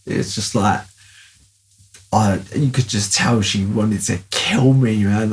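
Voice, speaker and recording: Gravelly man telling a story. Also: on the low side, slow pace. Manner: rambling, full of "like" fillers. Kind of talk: casual storytelling.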